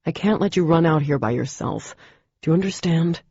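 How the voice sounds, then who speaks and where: A woman voicing an intense, weary young man who speaks in an urgent, low, insistent way, in an audiobook. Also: lively intonation, a little fast, darkish tone, slightly rough, no room sound, lo-fi sound, exaggerated voice.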